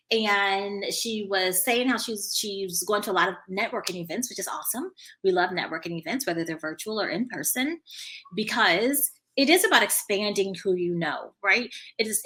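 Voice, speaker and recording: A woman hosting a podcast, telling a story in a casual, animated way and repeating herself often. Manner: animated, voices quotes in a much higher pitch. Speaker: podcast host. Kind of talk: storytelling monologue.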